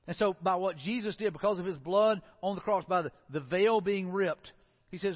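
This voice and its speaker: Male pastor, earnest sermon delivery, high voice, dull sound with long reverb. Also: fairly quick. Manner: earnest preaching, drops low and soft for emphasis. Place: church sanctuary.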